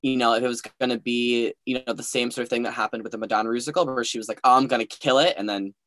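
A man's voice: medium pitch, steady tone, racing, a bit bright. A young man co-hosting a casual recap chat, rambling and hedging, often restarting his sentences. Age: young adult. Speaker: co-host.

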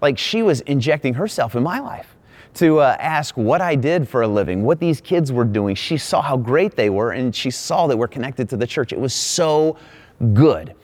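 A middle-aged male pastor delivering a sermon, telling a funny story about himself in an animated, self-deprecating way. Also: medium pitch, normal speed.

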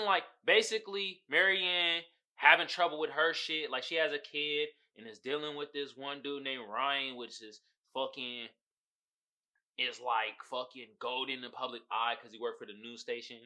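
A man's voice: mid-range voice, normal speed. A young man hosting a podcast, recapping a show in loose, profane casual chat and putting on voices for its characters. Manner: profane, animated recapping with quoted voices and laughter. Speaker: podcast host.

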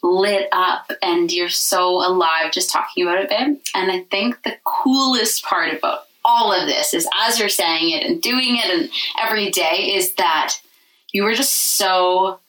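A woman hosting a podcast whose voice is bright and forceful. She sounds a bit distant from the microphone. She talks in a gushing, casual way and swears now and then. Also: fairly low pitch, a little slow. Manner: effusive, swears casually, calls guest babe.

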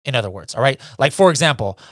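A man's voice: medium pitch, lively intonation, quick pace, a bit bright, dry recording, studio quality. A man hosting a podcast, announcing new features in an enthusiastic, chatty way with many "all right"s and "guys". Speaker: podcast host.

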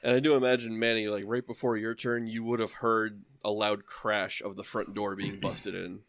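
An easygoing man at a tabletop game, describing the scene in a low voice and a relaxed manner. He speaks at an ordinary pace and sounds close to the mic. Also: moderate pace, no echo. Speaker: player.

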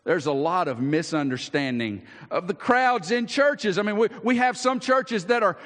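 High, animated Southern preacher in a reverberant hall. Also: male voice. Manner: folksy, drops into hushed asides and repeats words. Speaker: pastor. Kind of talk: sermon.

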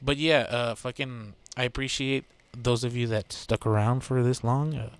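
A man's voice: medium pitch, fairly even intonation, moderate pace, clear, resonant tone. A man hosting his own podcast, chatting casually in a loose, rambling way, swearing freely and joking. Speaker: podcast host. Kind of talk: casual solo podcast chat.

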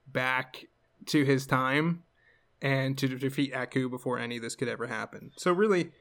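A man's voice: mid-range voice, normal speed, a bit bright. Man, casual podcast chat, rambling, laughs a lot, recapping a cartoon. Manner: rambling, laughs often, puts on silly voices.

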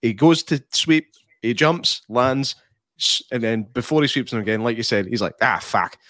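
A man in a casual movie chat, talking in a lively way and laughing easily. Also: medium pitch, normal speed, no room sound.

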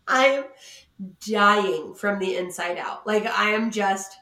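A woman's voice: medium pitch, lively intonation, slow pace, sharp tone, roomy sound. A woman podcast co-host from the Pacific Northwest telling a story in casual chat, self-mocking and laughing often as she acts out what others said. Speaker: salon owner.

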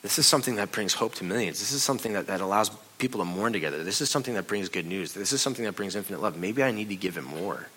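A man giving a conversational, confessional sermon as a pastor, dropping to a hush and rising loud while telling a story. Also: fairly low pitch, lively intonation, rapid-fire, hardly any pauses, breathy edge, low-quality recording.

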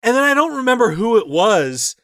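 A man with a notably high speaking voice chats through a recap of his tabletop game as a podcast co-host. He keeps it casual and animated, dropping into the characters' lines in quick asides. The sound is dry and close, with no room around it. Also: no echo.

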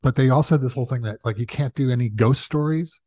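Animated man telling stories. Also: medium pitch, quick pace, dry recording, clean studio sound. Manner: animated, acts out quoted voices. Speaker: guest, comedy writer. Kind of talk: casual storytelling in conversation.

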